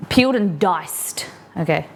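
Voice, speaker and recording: An Australian woman cooks live in her home kitchen, chatting away to herself and to the food as she goes. She talks casually and breaks into excited squeals now and then. A faint background hum sits under her voice. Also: lowish voice, measured pace. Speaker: cooking live-streamer. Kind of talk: casual live-stream cooking chat.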